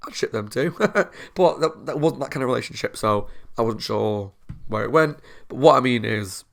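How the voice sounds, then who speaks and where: A man's voice: mid-range voice, animated, moderate pace, vocal fry. A young man, hosting a reaction video in earnest, rambling casual chat and laughing often.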